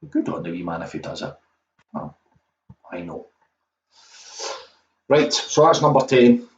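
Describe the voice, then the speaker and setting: A man's voice: mid-range voice, animated, a little slow. A Scottish man hosting a quiz, chatting casually and wandering off on self-mocking tangents. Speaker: quiz host. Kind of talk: casual rambling livestream chat. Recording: echoey, dull lo-fi audio with faint noise.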